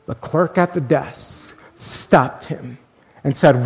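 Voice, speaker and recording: Slow, earnest preacher man. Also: fairly high pitch, breathy edge. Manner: earnest, swings from emphatic to hushed. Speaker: pastor. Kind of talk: sermon storytelling.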